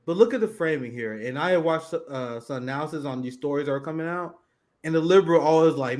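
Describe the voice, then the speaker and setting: A man's voice: on the high side, fairly quick, a little mellow. A man in his thirties co-hosting a political show, reading headlines aloud and mocking them with sardonic, profane asides. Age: 30s. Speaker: podcast co-host. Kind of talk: casual political commentary.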